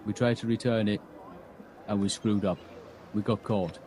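A man's voice: fairly low pitch, fairly even intonation, normal speed, warm tone, low-quality recording. A man, game master telling an in-character story in a rambling way, acting out quoted lines. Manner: rambling, full of restarts and acted-out quotes.

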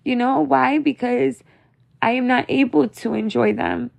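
A young woman speaks in a casual confessional monologue, her slightly raised voice thick with vocal fry. She rambles emotionally about being a mother and fills her sentences with "like" and "you know.". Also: on the high side, fairly even intonation, measured pace, darkish tone. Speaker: mother venting to viewers.

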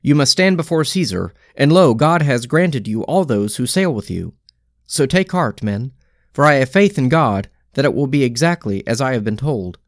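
A man reading scripture aloud in a slow, measured liturgical style, pausing phrase by phrase. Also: medium pitch, lively intonation, dry recording, clean studio sound. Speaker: scripture reader.

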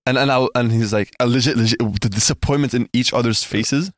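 A young man co-hosting a casual podcast, telling an animated story and acting out both sides of a conversation with lots of laughter. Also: mid-range voice, a little fast, no echo, clean studio sound. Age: young adult. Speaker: podcast co-host.

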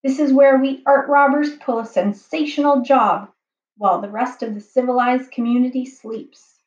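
A woman's voice: high voice, fairly even intonation, moderate pace, darkish tone, pitched above the performer's own voice, close to an everyday voice. A woman voicing a boastful grown man, an art thief who talks grandly about his crimes. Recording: dull, roomy home recording.

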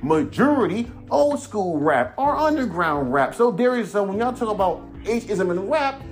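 This podcast host, a rapper in his thirties, delivers a casual ranting monologue that's heated, rambling and full of profanity. His high voice has a sing-song lilt at a moderate pace, with faint music in the background.

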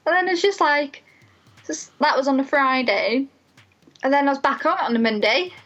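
A young woman, a student mental health nurse, telling a personal story in an animated, emotional way, full of "like" fillers. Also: high-pitched, moderate pace, muffled recording.

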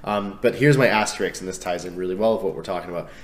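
A man, co-hosting a podcast, telling lively stories in casual chat and acting out what friends said. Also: low-pitched, very fast. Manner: lively storyteller, acts out friends' lines. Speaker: podcast co-host.

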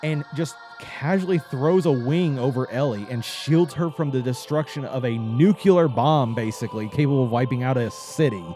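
A man chatting casually with a co-host as he recaps a video game's story, his pitch jumping when he gets excited. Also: moderate pace, hardly any pauses, faint music behind. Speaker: podcast co-host.

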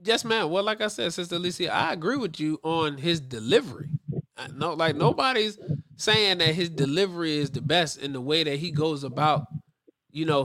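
Man hosting a call-in show, slightly high voice, calm, measured, dry sound. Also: no echo. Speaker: host.

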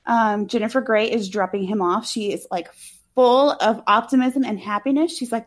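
A woman's voice: medium pitch, fairly even intonation, normal speed. A woman co-hosting a casual talk show, recapping a movie in a chatty, sarcastic way with lots of fillers and the odd swear. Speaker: podcast co-host.

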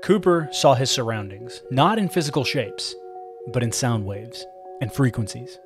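Expressive male storyteller. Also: medium pitch. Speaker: narrator. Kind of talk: audiobook fiction narration.

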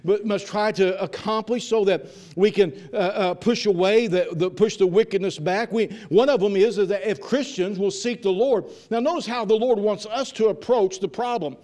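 A man's voice: high-pitched, moderate pace, few pauses, a little mellow. A man preaching a sermon in church in a fervent, repetitive way, restarting his phrases as he goes. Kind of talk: evening sermon. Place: church with a congregation answering.

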